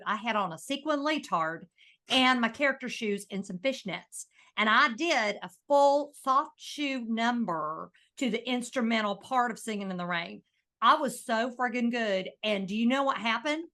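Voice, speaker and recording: A woman co-hosting a podcast, chatting casually and telling an animated story. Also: a little high, moderate pace. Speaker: podcast co-host. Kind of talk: casual chat.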